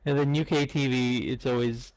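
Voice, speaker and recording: A man's voice: mid-range voice, level tone, normal speed, a little mellow, clear, resonant tone, no echo, low-quality recording. A man chatting casually with friends on a game stream, explaining things in a lecturing way.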